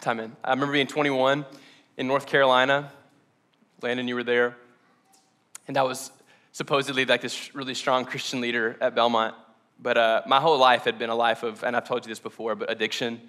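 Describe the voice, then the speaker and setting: A man's voice: mid-range voice, little pitch movement, brisk, sharp tone. A young adult man preaching a sermon, earnest and confessional, close to tears at times, stumbling and restarting as he tells his own story. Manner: earnest and confessional, with self-conscious laughs and restarts. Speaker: pastor.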